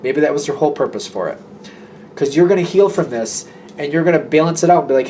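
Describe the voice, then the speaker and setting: A man's voice: on the high side, fast, darkish tone, slight background noise. A man giving a casual, rambling tarot reading who acts out imagined conversations as he goes. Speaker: tarot reader.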